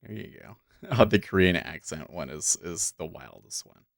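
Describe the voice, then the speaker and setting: A low-pitched, creaky voice with lively intonation and a moderate pace belongs to a day trader hosting a livestream. He chats straight to viewers from his desk microphone, musing aloud between comments, in studio-quality audio free of room sound.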